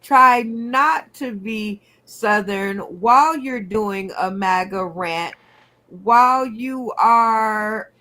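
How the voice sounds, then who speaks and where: A woman hosting a comedy game show over a video call, playful and unhurried as she recaps everyone's picks. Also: medium pitch, sharp tone.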